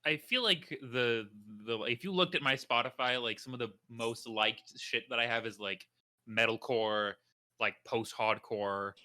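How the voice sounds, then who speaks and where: A man's voice: medium pitch, measured pace, bright, forceful tone. A man co-hosting a casual music podcast, reacting with exasperated exclamations and many questions. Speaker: podcast co-host. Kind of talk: casual chat.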